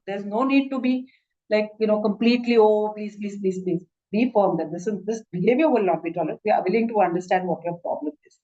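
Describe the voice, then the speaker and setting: A woman doctor with an Indian English accent teaches a masterclass, delivering an instructive lecture in a mid-range, dark-toned voice. She often says "you know" and restarts her sentences, and the recording sounds muffled.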